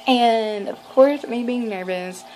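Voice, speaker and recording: A woman's voice: on the high side, slow, darkish tone, slight background noise, rough recording. Chatty woman vlogging. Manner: rambling and chatty, with many fillers and restarts. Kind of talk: casual storytelling to camera.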